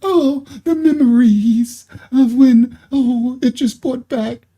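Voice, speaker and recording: A woman putting on the voice of a grown woman who sighs through fake tears over a tragedy, breathy and overly sentimental. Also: sits high, fairly even intonation, slow pace, mellow, voice pushed up. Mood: mock-tearful.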